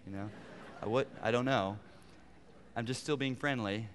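A middle-aged man preaching a sermon as pastor, animated, climbing to emphatic peaks and dropping to quiet asides. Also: mid-range voice, normal speed, smooth. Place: church sanctuary. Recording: long reverb of a large hall.

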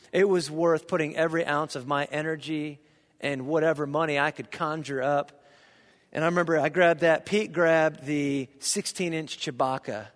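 High-voiced storytelling preacher in a hall. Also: male voice. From Indiana, USA. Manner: lively anecdotal storyteller, jokes with the audience. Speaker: pastor. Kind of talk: storytelling sermon. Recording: long reverb of a large hall.

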